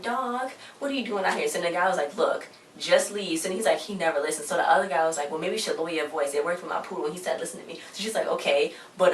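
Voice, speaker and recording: A young woman with a slightly low voice chats her way through a TV episode recap, acting out the characters' lines as she goes. She sits back from the mic in a roomy space, with a faint hum behind her. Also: distant mic. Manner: chatty, retells scenes acting out characters' lines. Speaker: TV show reviewer. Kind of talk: casual recap vlog.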